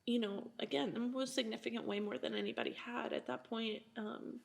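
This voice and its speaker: A young woman sharing a personal faith testimony as a podcast guest, retelling events in an animated way, often quoting people and breaking into laughter. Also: on the high side, a little fast, creaky.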